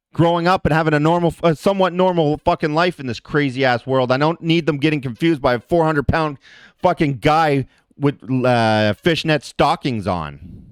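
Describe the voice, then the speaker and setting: Man, livestream rant, heated and profane, higher voice, smooth and dry. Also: no room sound. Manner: addresses chat viewers directly. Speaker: livestream host.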